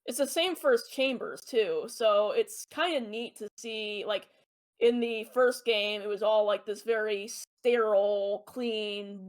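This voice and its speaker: A woman co-hosting a podcast, explaining at length in casual chat with many ums and uhs. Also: medium pitch. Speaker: podcast co-host. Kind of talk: casual chat about a video game.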